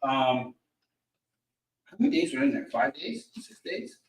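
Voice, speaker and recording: A man's voice: mid-range voice, sing-song, a little slow. A man, a guest, telling a personal story in casual conversation and retelling past conversations line by line. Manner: retells dialogue with lots of "he goes". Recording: roomy, distant mic.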